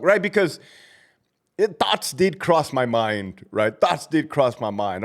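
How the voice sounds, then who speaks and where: Profane, lively ex-prison-guard storyteller. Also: male voice, medium pitch, measured pace. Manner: profane, blunt, laughs at himself, acts out shouted commands. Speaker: former prison officer telling stories. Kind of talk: casual storytelling monologue.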